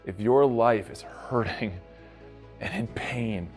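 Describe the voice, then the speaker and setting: A middle-aged man as pastor, delivering a sermon with emphatic, rising delivery and dramatic pauses. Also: medium pitch, soft background music.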